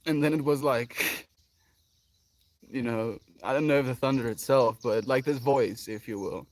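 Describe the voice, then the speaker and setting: A man's voice: medium pitch, a little slow, no echo. A man hosting a daily livestream in an emotional, effusive chat, often sighing and laughing as he thanks viewers. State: emotional, near tears. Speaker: livestream host.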